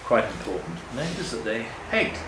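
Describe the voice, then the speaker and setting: An older man with a fairly low voice speaks earnestly to an audience. He rambles and corrects himself as he goes, and his voice carries an echo in the room with faint ambient noise behind it. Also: big pitch swings, brisk, recorded from a distance. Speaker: guest speaker. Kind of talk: public talk with slides. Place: meeting hall.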